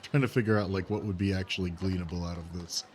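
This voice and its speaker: Man, tabletop player, low voice, hesitant, fillers, faint noise. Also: fairly even intonation, fast talker. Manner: hesitant, full of fillers, thinking aloud. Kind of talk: casual tabletop role-play.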